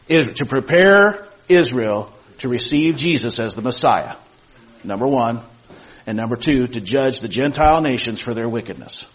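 A man's voice: fairly high pitch, low-quality recording. A man teaching a Bible class, reading scripture aloud and asking the class questions, with many repeated points and fillers. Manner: reads scripture aloud in King James wording, repeats key points, asks the class questions.

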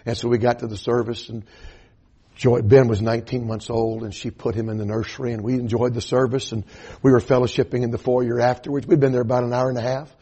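An older man with a Southern US accent preaches in a relaxed, folksy storytelling manner. His voice is mellow, dark and a little husky, and he keeps stopping to say amen. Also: medium pitch, fast talker. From Atlanta area, US South. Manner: folksy storytelling, punctuated with amens. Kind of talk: sermon.

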